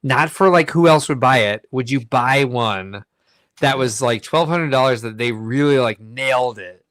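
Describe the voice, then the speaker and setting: A man's voice: medium pitch, normal speed, a bit bright, no room sound. A man co-hosting a casual podcast chat, playful and opinionated, who acts out the people he quotes. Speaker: podcast co-host.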